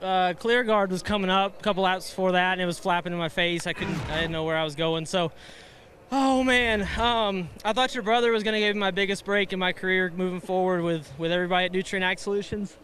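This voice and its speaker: A man who just won a race, out of breath and rambling excitedly through thank-yous in a post-race interview at victory lane. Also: sits high, quick pace, slight background noise. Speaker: race-winning driver. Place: victory lane at a racetrack, outdoors.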